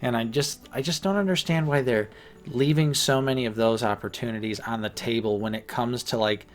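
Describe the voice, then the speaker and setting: A man's voice: medium pitch, a little fast. A man co-hosting a casual collector podcast, speaking in an easygoing, rambling way. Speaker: podcast co-host. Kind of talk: casual chat.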